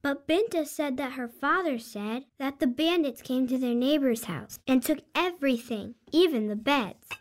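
A woman's voice: high-pitched, normal speed, hardly any pauses, natural voice. Woman voicing an eager eight-year-old girl. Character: eight-year-old girl Chalice, chatty youngest daughter.

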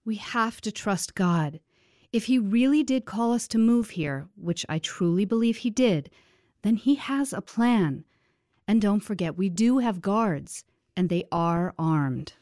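A woman playing a gentle, reassuring missionary mother in a family radio drama. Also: medium pitch, lively intonation, measured pace, no room sound, clean studio sound, close to an everyday voice.

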